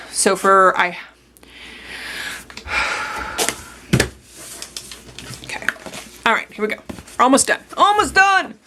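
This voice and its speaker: A woman's voice: mid-range voice, a bit bright, slight background noise. A woman hosting a scrapbooking channel, recording a casual voice-over full of bloopers, stumbling over her words and correcting herself aloud.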